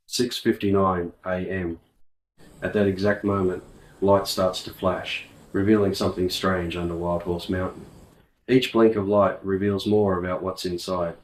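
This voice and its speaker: A man narrates a story in a very deep, flat voice. He reads slowly and evenly, from a distance in an echoey room with a faint hiss behind. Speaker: audiobook narrator. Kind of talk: scripted narration.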